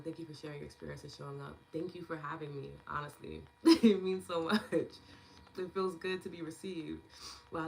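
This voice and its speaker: A woman's voice: sits low, gravelly, bright, forceful tone, a little hiss or hum. A woman hosting a live online gratitude session, chatting casually and affectionately, laughing often as she reads out and thanks viewers' comments.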